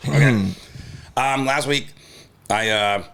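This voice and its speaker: A man co-hosting a casual comedy podcast, excitable and jumpy, often breaking into loud high yelps and laughter. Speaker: podcast co-host.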